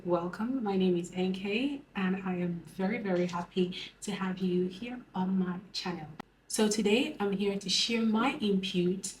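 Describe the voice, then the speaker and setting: A young Nigerian woman with a Nigerian English accent, giving advice to her viewers in a slow, calm, deliberate way. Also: mid-range voice, a little hiss or hum, rough recording. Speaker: beauty and lifestyle vlogger. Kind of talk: advice vlog.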